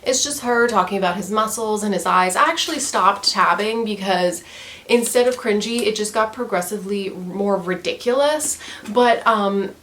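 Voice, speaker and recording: A woman's voice: mid-range voice, normal speed, a bit bright. A young woman in her twenties reviewing a book in a casual rant to the camera, exasperated, crude and emphatic, repeating her points.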